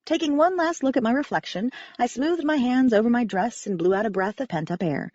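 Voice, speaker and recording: A woman reading a first-person audiobook in a wry, expressive narration. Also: on the high side, a little fast, no room sound, dull audio.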